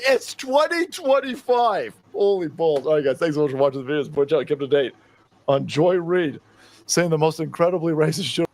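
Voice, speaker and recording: A man in his fifties doing sarcastic reaction commentary on a stream, mocking, ranting and laughing often. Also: a little high. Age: 50s.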